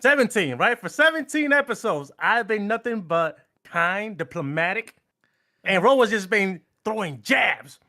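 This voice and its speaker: Man in his thirties, high voice, lively swings in pitch, joking podcast banter. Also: a little slow. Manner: joking, animated, swears freely. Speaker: podcast co-host. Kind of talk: casual banter.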